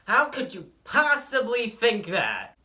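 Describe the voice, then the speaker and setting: A man's voice: high-pitched, wildly swooping pitch, slow, pushed and bright, echoey room, full character voice. A young man playing an impatient friend who tries to teach French in a school comedy skit, exasperated. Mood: apologetic. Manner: exasperated, increasingly frustrated.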